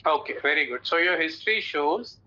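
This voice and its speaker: A man's voice: fairly high pitch, lively intonation, brisk, pushed and bright, slight background noise. A man teaching a clinical case, instructive and repeating his points firmly. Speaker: oncology teacher. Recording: dull lo-fi sound.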